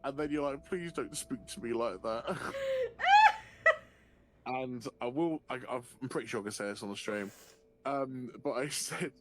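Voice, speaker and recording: A man streaming a game, telling a long anecdote in a profane, animated way and often laughing. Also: medium pitch, moderate pace, background noise. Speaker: livestreamer. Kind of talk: casual storytelling while gaming.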